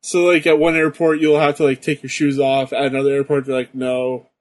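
A man's voice: on the high side, fairly even intonation, quick pace. A man in casual chat, explaining things in a dry, matter-of-fact way with frequent "like" fillers.

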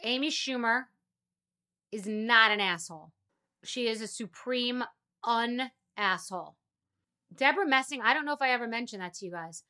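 Bright-voiced blunt woman ranting. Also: fairly high pitch, moderate pace, pauses often. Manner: blunt, profane, emphatic. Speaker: podcast host. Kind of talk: casual monologue.

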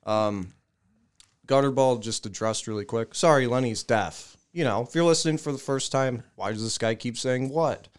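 A man's voice: mid-range voice, moderate pace, clean tone. A man co-hosting a podcast in casual chat, making dry, sarcastic jokes. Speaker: podcast co-host.

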